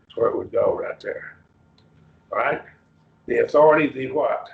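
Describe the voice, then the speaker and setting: A man's voice: mid-range voice, creaky. A man teaching a Bible class on a Greek text, explaining step by step and quizzing his students. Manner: explains slowly, quizzing students, many restarts. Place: church classroom. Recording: roomy, muffled class recording.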